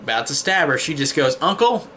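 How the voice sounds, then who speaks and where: A man's voice: medium pitch, moderate pace, pushed and bright, slight background noise. A man giving a casual, rambling spoiler review of a horror film, swearing freely and filling his talk with "like" and restarts. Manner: rambling, profane, full of "like" and restarts. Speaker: movie reviewer.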